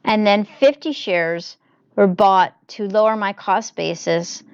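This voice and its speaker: Smooth-voiced woman walking through her investments. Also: mid-range voice, steady tone, slow, dry recording, dull audio. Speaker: investing channel host. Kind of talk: screen-capture walkthrough narration. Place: home desk, voice recorded on laptop.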